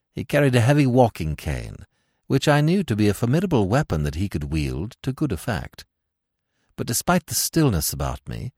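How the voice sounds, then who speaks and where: Low, expressive male storyteller. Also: no room sound, studio quality. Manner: dramatic, suspenseful reading. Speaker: narrator. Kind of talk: scripted narration of a classic tale.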